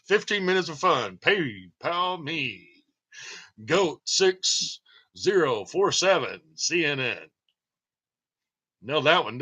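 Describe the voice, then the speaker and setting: A man's voice: medium pitch, bright, forceful tone. A man hosting his own channel, rambling and joking through a casual livestream monologue and laughing often. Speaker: channel host.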